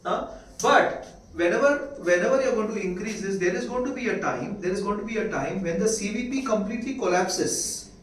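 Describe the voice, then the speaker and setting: A man's voice: sits high, lively intonation, a little hiss or hum. A man with an Indian English accent giving a classroom lecture, repeating key points and asking the students if they follow. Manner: repetitive, checks understanding with quick questions. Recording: echoey room, mic far off.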